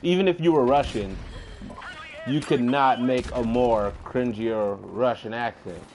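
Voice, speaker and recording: A man's voice: medium pitch, unhurried, noisy background. Rambling man streaming a shooter game. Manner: rambling, swears, animated rants. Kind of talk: casual gaming chat.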